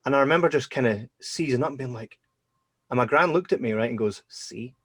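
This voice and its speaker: A man hosting a podcast, telling personal stories in a casual, animated way and acting out his own reactions. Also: mid-range voice, fast talker, breathy edge, no echo. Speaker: podcast host. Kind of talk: casual storytelling chat.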